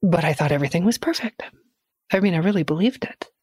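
A woman's voice: lowish voice, animated, fast talker, a little mellow, breathy edge, dry recording, clean studio sound. A middle-aged woman speaking candidly and earnestly as a podcast guest, laughing easily as she reflects. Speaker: guest poet.

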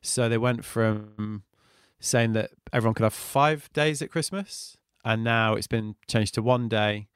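Smooth-voiced man chatting. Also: lowish voice, measured pace, few pauses, no echo, studio quality. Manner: relaxed, chatty, self-deprecating. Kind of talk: casual chat.

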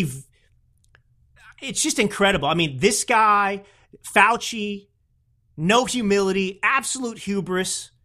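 A man's voice: high voice, bright, forceful tone. A man hosting a political podcast, delivering combative, mocking commentary. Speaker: podcast host.

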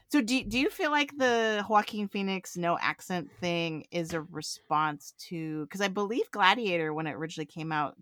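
Bright, dry-sounding female podcast host. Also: lowish voice, no room sound. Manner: chatty, enthusiastic, laughs often. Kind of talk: casual film chat.

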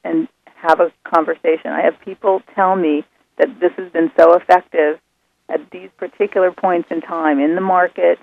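A woman guest explaining her method in a calm, soothing, patient way. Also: on the low side, normal speed, vocal fry. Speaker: author and guest. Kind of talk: explaining on a radio call-in. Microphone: phone. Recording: thin phone line.

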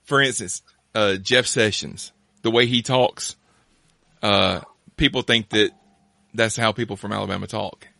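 A male host with a lowish, bright, forward voice chats casually and drifts into asides, laughing often. The sound is close and dry. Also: fairly even intonation, unhurried, vocal fry, long pauses, no echo. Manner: chatty, laughs easily, rambling asides. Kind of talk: casual chat.

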